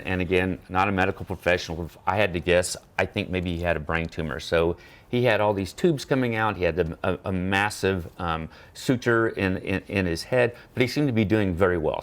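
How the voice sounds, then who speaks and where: A man volunteering with therapy dogs, telling hospital stories in an interview, acting out the people he quotes and often stumbling and restarting. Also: deep voice. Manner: animated storyteller acting out quoted voices; frequent restarts and stammers. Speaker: therapy dog volunteer guest. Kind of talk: anecdotal interview storytelling.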